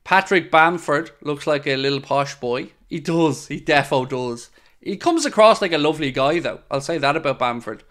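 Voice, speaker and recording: A man's voice: a little high, moderate pace, a bit bright. A young man hosting a podcast, chatting casually and opinionatedly as he reads out comments from a live chat. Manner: chatty and opinionated, with frequent fillers and asides. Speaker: podcast host.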